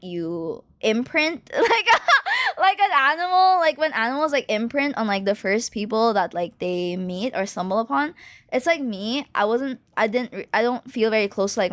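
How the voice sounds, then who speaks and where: A young woman from China chatting casually on her stream, animated and rambling, with lots of fillers and swearing. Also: medium pitch, dry recording. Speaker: VTuber streamer. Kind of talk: casual chat.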